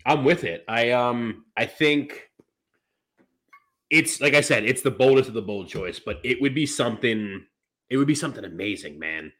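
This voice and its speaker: Male co-host, mid-pitched, lively intonation, rambling casual podcast chat with lots of fillers. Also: moderate pace.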